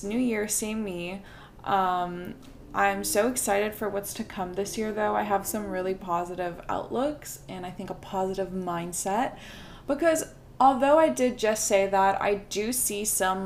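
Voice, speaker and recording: A woman's voice: mid-range voice, gravelly, a little hiss or hum. A young woman hosting a casual solo podcast, chatty and self-deprecating, filling her talk with "like" and "um". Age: young adult. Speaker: podcast host.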